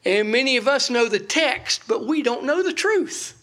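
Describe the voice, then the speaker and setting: A man's voice: extremely high pitch, lively intonation, moderate pace, pushed and bright. A man preaching a sermon in a folksy, emphatic way, full of rhetorical questions and asides.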